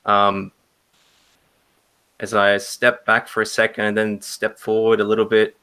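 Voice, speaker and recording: A man narrates his character's actions at a tabletop game, stumbling and repeating words as he goes. His voice is bright and forward, and it sits on the low side. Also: completely flat delivery, a little slow, smooth. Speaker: player. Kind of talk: tabletop role-play chat.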